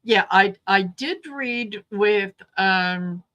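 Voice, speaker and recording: A woman who reads tarot joins a relaxed livestream chat. She speaks slowly and without hurry, often repeating words as she finds her thought. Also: medium pitch. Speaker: tarot reader guest.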